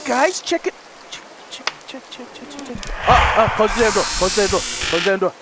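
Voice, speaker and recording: A man's voice: high-pitched, expressive, moderate pace, pushed and bright, a little hiss or hum. Panicky, swearing gamer man. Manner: panicky, swearing, repeats himself. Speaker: gaming video host. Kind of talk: let's play commentary.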